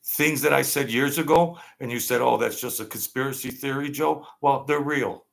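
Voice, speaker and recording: A man's voice: medium pitch, moderate pace, vocal fry, a bit bright. A man hosting a livestream political rant, sarcastic and mocking, repeating his points. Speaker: political commentary host.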